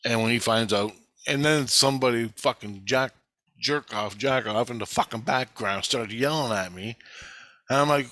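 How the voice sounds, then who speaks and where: A man's voice: medium pitch, normal speed, pushed and bright, no echo. Agitated profane man telling a rambling story. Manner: agitated, profane, quotes others in his own voice. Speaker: vlogger recounting experiences. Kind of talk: rambling first-person story.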